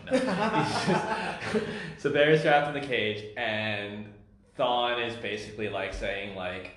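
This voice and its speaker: A man's voice: mid-range voice, a little slow, a bit bright. A man co-hosting a casual TV recap chat, rambling, laughing often and acting out scenes. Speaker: podcast co-host. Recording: very echoey room.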